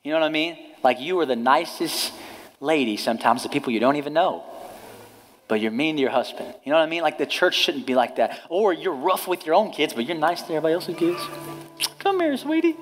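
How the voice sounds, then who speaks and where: A man's voice: fairly high pitch, fast, soft background music. A man in his thirties, a pastor, preaching a conversational sermon in a casual, direct way, often checking in with the congregation. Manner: casual, direct, often asks "you know what I mean?". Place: church.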